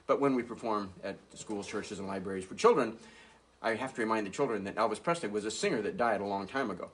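A man's voice: lowish voice, fast, slight background noise. A man from Nebraska, a ventriloquist, hosting a live puppet show for children in a playful way. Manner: playful, animated, talking to kids.

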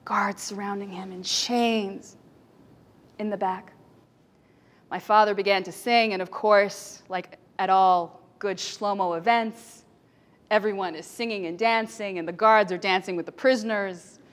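A woman giving a talk on stage, telling emotional stories dramatically and swinging between loud passages and hushed ones. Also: mid-range voice, steady tone, measured pace. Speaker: speaker.

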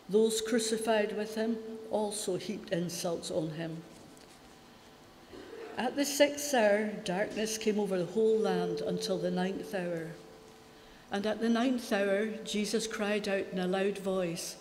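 Woman, scripture reader, measured, echoey church, long reverb. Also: mid-range voice, slight background noise. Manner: steady, measured reading aloud. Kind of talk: Bible reading in church. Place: church hall.

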